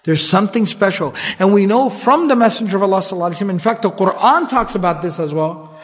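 High-voiced man giving a casual religious lecture. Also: a bit bright, in a large hall. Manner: casual and chatty, with quick Arabic recitation. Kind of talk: conversational Islamic storytelling lecture.

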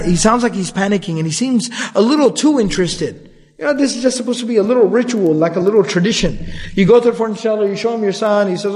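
High-voiced man giving a casual religious lecture. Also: long reverb tail. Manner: casual and chatty, with quick Arabic recitation. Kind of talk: conversational Islamic storytelling lecture.

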